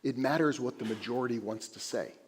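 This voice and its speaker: A man giving a sermon as a rabbi, an animated, conversational storyteller speaking in a synagogue sanctuary. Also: medium pitch, a little fast, slight background noise. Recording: echoey sanctuary.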